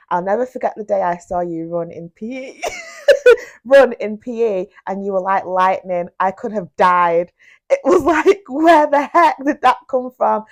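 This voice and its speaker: Giggly Manchester woman co-host. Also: mid-range voice. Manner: giggly, playful storytelling. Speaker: podcast co-host. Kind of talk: casual chat.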